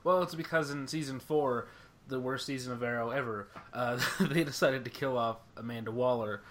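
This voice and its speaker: A man's voice: medium pitch, normal speed, crowd noise. A man co-hosting a casual podcast chat, laid-back and laughing often. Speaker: podcast co-host.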